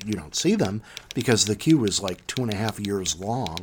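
Man, podcast host, casual solo talk, jumpy lively pitch, loud bursts and mutters, faint typing behind. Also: moderate pace, a little hiss or hum. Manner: animated, self-mocking, swings between loud and muttered.

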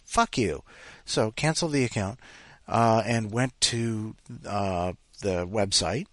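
A man hosting a show, telling a rambling personal anecdote in a profane, ranting way, often mimicking other people in high, mocking voices. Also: slow, fairly bright tone, no room sound, studio quality. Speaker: podcast host.

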